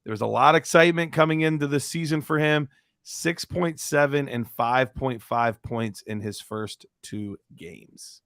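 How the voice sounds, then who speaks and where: A man's voice: medium pitch, a little slow, fairly bright tone, no echo, studio quality. A man hosting a podcast, chatting casually and loosely, fumbling through his notes as he tosses questions to a guest. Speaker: podcast host. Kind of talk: casual sports chat.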